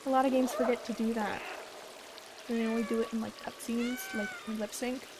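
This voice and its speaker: A young woman streaming a game, excitable and swearing freely, talking to the characters on screen. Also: fairly high pitch, brisk, noisy background. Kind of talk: casual gameplay commentary. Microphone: desk mic.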